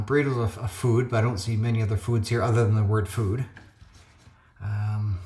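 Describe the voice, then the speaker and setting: A man hosting a puzzle video, talking casually through his solves and thinking aloud with lots of ums and uhs. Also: fairly low pitch. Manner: thinks aloud with frequent fillers. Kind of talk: casual solo commentary. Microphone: phone webcam. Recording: echoey home room.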